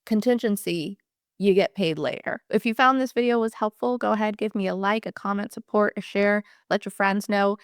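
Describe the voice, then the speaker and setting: A woman's voice: mid-range voice, moderate pace, clean tone, no echo, studio quality. A woman employment attorney explaining legal fees straight to camera in a candid, passionate way, swearing casually.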